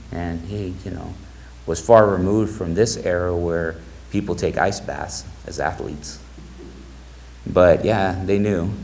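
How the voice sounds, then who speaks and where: A middle-aged man speaking as a guest to a live audience, telling stories in a relaxed way and acting out the quoted dialogue. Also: sits low, gravelly, a little hiss or hum, rough recording. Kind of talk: storytelling talk to an audience.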